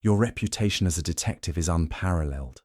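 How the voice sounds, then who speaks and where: A man's voice: deep voice, quick pace, darkish tone, no room sound, studio quality. A man voicing an evasive, defensive aristocratic male host with polite assurances in an audiobook. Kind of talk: audiobook narration.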